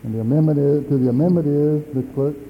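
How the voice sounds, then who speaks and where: A man moderating a church assembly, giving procedural rulings in a measured way. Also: on the high side, slight background noise. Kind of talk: parliamentary chairing. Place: large assembly hall. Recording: dull lo-fi archival recording.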